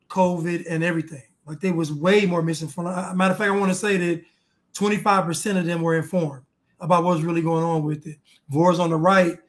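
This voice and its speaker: A man in casual political chat, an animated storyteller who acts out dialogue and talks casually with many restarts. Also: fairly high pitch.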